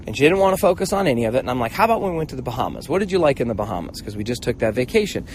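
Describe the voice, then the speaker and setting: A middle-aged man hosting a motivational mentoring talk, telling stories in a casual, animated way and acting out voices, with a swear word now and then. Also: mid-range voice, rapid-fire, slight background noise. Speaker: host, mentor.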